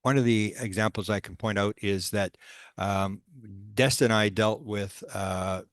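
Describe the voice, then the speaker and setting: A man with a low voice who presents as a paranormal researcher and tells long stories. He talks haltingly, full of fillers and restarts. The sound is dry and close. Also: steady tone, dry recording. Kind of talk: storytelling presentation.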